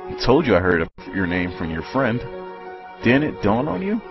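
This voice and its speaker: A man voicing a stern grown male guardian in a game playthrough, speaking in a grave, measured way. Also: on the low side, sing-song, voice pushed up. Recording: muffled capture with game music.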